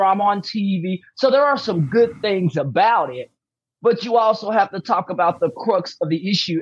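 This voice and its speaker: Husky emphatic woman guest. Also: lowish voice, highs cut off. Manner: emphatic, repeats key points. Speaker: podcast guest, athlete. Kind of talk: candid interview talk. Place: room at home with posters behind.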